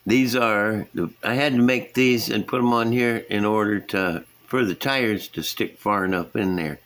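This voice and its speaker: At a moderate pace, a middle-aged man with a fairly low, slightly bright voice shows his model builds at an indoor workbench. He runs a channel about scale modeling and chats casually, folksy and rambling, chuckling at himself along the way.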